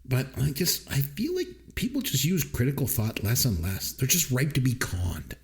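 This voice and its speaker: A middle-aged man talks casually about a movie with a very lively voice. He animates his stories and slips into other people's voices when quoting them. His pitch sits in a middle range. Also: normal speed. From Canada. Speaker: podcast co-host. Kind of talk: casual movie-review chat.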